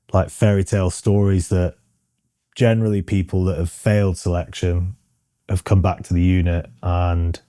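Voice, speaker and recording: A man's voice: low voice, mellow, dry recording, studio quality. A British man in his thirties, a guest in an interview, talking frankly with many ums and restarts. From Britain. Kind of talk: casual interview chat.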